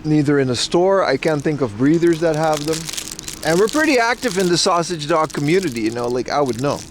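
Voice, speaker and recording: Chill streamer guy on a hike, rambly and sweary, voice a bit high, faint outdoor noise behind. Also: lively intonation, brisk. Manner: laid-back, rambling, swears freely. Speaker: livestreamer. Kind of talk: casual live-stream chat.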